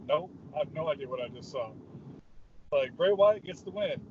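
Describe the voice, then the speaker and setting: A man's voice: fairly high pitch, lively intonation, normal speed, a little hiss or hum. A man co-hosting a podcast in casual chat, agreeable and matter-of-fact. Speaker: podcast co-host. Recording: dull lo-fi audio.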